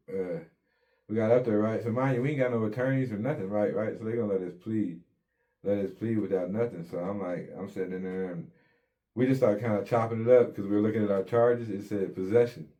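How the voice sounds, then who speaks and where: Telling his own life story in a relaxed interview, this guest has a deep, mellow voice, fairly even intonation and a brisk pace. His easygoing street slang is full of curses, and he slips into quoted dialogue as he goes.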